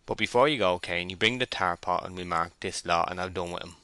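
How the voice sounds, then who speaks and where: A man gives voice to a stern young shepherd in an audiobook. The voice is deep and bright, and he speaks firmly and plainly. The sound is dry and close. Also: a little fast, clear, resonant tone, no echo. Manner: firm, plain-spoken. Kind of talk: audiobook character reading.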